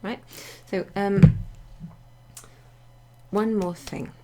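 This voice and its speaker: A woman teaching a casual French grammar lesson to her club members, chatty and relaxed, with many fillers and asides. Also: mid-range voice, extremely slow, heavy background noise. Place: home near a greenhouse.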